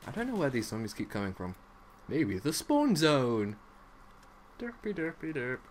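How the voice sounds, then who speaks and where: A young man with a mid-range voice and wildly swooping pitch gives silly, rambling live commentary on a zombie game at a normal speed, leaning hard on "like" as he jumps between odd topics. There's slight background noise.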